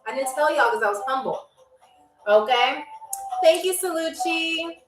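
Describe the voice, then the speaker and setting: High-voiced playful woman hosting a game show. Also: animated, unhurried, recorded from a distance. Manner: playful, teasing, reads out viewer comments; repeats words drawn out. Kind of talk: live-stream game show chat with viewers. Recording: echoey room, a little off-mic, faint music.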